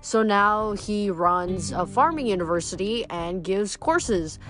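A woman's voice: medium pitch, animated, slow pace, fairly bright tone, faint music behind. Young woman reading a novel aloud. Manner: casual recap with fillers. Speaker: book reader.

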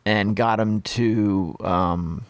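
A man telling a story in casual chat, relaxed and halting with lots of fillers. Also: lowish voice, dry recording. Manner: relaxed, halting, full of "you know" fillers. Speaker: podcast co-host.

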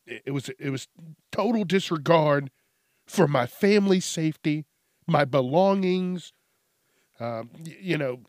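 A man doing a panicky, stammering guy in a comedy sketch, his voice pitched fairly high and leaping higher when he gets upset. He rambles crudely about his ruined home, with a gravelly, dry edge. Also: no echo, heavily acted. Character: distraught man whose home superheroes wrecked.

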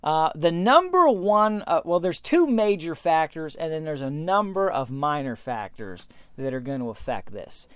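A man hosting a podcast, telling a story in an animated way that speeds up and slows down. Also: a little high, clear, resonant tone, no room sound, studio quality. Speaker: podcast host.

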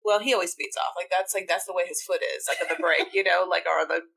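A woman's voice: lowish voice, steady tone, fast, vocal fry, fairly bright tone, husky. A woman co-hosting a casual podcast, rambling through a reality show recap with many fillers. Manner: rambling, lots of "like" fillers, easygoing. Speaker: podcast co-host.

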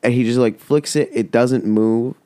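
A man's voice: medium pitch, fairly even intonation, normal speed, warm tone, no echo, clean studio sound. A man hosting a podcast, telling a rambling, heavily profane story in casual chat. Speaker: podcast host.

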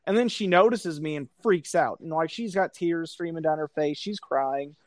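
A man tells a story in casual chat, his voice sitting a little high for a man. He is animated and profane, and he acts out the people he quotes. The sound is dry and close. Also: normal speed, no echo. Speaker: podcast co-host telling a story.

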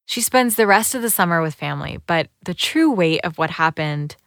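A woman giving scripted documentary narration in a calm, measured storytelling manner. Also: lowish voice, dry recording, studio quality.

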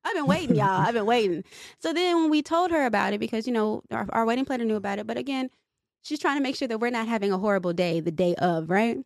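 A young woman co-hosting a casual podcast, animated and venting, with curses dropping in freely. Her voice sits a little high and sounds dry and close. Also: fast, gravelly, no room sound. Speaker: podcast co-host. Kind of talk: casual chat.

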